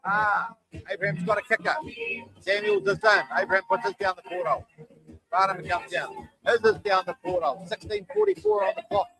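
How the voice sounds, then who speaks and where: Tired from a long day, this middle-aged man commentates on shearing in a lively, talkative way, calling running tallies in a high, expressive voice at a fairly quick clip. Music sits clearly under the low-quality recording.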